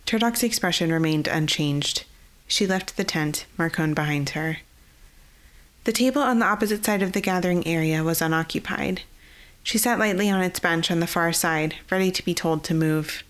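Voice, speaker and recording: Author-narrator, woman, steady scripted fantasy storytelling, slightly low voice. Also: moderate pace.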